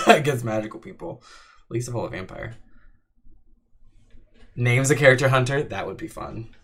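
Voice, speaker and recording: A man's voice: medium pitch, slight background noise. A man chatting casually on a livestream, rambling and joking with lots of fillers while reading out chat. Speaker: streamer answering chat.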